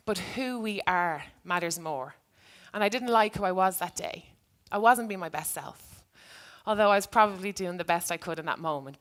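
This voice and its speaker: A former teacher with a medium-pitched, fairly bright voice gives a reflective talk to an audience, sharing a story from her classroom in an earnest, thoughtful way.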